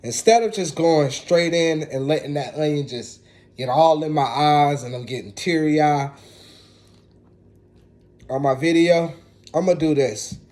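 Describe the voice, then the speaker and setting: A man's voice: fairly high pitch, measured pace, long pauses, darkish tone. Laid-back man chatting while cooking. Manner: laid-back, chatty, talks straight to viewers. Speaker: home cook. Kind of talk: casual cooking vlog.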